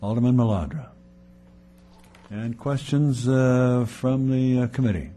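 A man chairing a city committee meeting, briskly reading agenda items and calling votes. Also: mid-range voice, mellow. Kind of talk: formal meeting procedure.

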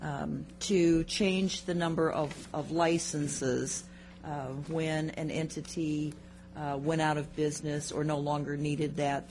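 A city staff member explaining a policy change to a committee, measured and full of ums and uhs. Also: mid-range voice, flat delivery, a little mellow, a little hiss or hum.

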